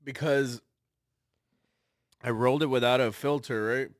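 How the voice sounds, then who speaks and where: A young man co-hosting a casual podcast, relaxed and rambling. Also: medium pitch, unhurried. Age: young adult. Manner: relaxed, rambling, laughs often. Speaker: podcast co-host. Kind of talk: casual chat.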